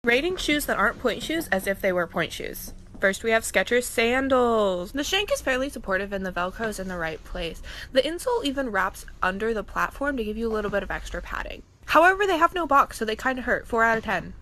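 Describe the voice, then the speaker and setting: A woman with a fairly high voice delivers a scripted comedic review in brisk, matter-of-fact verdicts. Clear noise sits behind her. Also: very animated, sharp tone. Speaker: dancer rating shoes.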